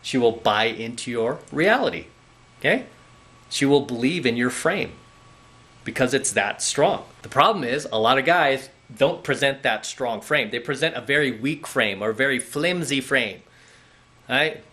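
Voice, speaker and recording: A man's voice: medium pitch, normal speed, sharp tone. A man speaking as a dating coach in a direct-to-camera monologue, lecturing bluntly and often checking in with "okay?" and "right?".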